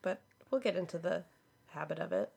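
A woman's voice: fairly low pitch, expressive, fairly quick, creaky, darkish tone, husky. A woman co-hosting a podcast, wry and blunt, who swears casually in easy chat. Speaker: podcast co-host.

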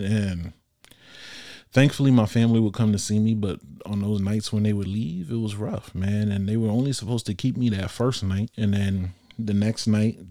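A man's voice: fairly low pitch, warm tone, dry recording, clean studio sound. A young man hosting a solo podcast, telling a personal story in a casual, blunt, slangy way and laughing often. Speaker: podcast host.

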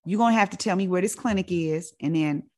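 A woman voicing a loud, blunt older auntie who scolds and gives orders emphatically. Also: fairly low pitch, quick pace, close to an everyday voice. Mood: bossy.

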